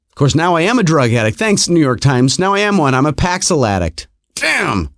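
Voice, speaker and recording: A middle-aged man hosting a podcast, telling a comic story in an exasperated, animated, self-mocking way. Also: on the high side, a little fast, dry recording, clean studio sound.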